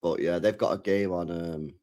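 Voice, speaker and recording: A man's voice: low-pitched, steady tone, moderate pace, darkish tone. A young man chatting casually, rambling, swearing freely and repeating himself in slang. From England. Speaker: streamer chatting with viewers. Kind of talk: casual chat.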